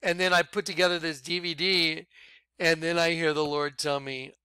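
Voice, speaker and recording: A man giving an excitable, rambling personal testimony about his ministry, bursting into shouts. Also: fairly high pitch, normal speed, smooth, no echo. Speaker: ministry leader.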